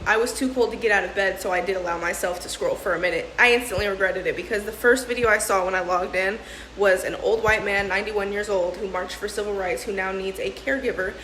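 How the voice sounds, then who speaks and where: Here a young woman addresses her vlog audience casually at medium pitch, her tone a bit bright. Emotional to the point of laughing through tears, she leans on slang like "bro" and "sis." Faint ambience, a touch of hiss or hum and an echoey room color the audio.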